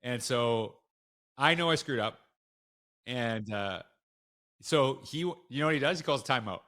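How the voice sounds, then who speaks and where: A man speaking as a guest on an interview podcast, with a bright and forceful tone. He tells his stories frankly and with animated emphasis. His pitch sits in a middle range for a man. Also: a little slow. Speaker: school leader guest. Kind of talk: conversational storytelling.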